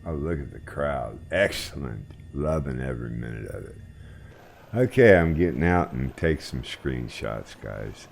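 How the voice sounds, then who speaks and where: A man hosting a flight sim group, chatting in a relaxed, rambling way while he flies. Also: extremely low pitch, a little slow, gravelly, slight background noise. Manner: relaxed, rambling, trailing off quietly. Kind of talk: casual chat while flying.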